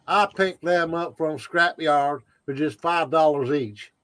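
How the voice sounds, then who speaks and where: A man putting on a loud boastful backwoods hillbilly. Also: on the high side, measured pace, no room sound. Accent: Southern US mountain, put on. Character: boastful backwoods country man, proud of cheap tires.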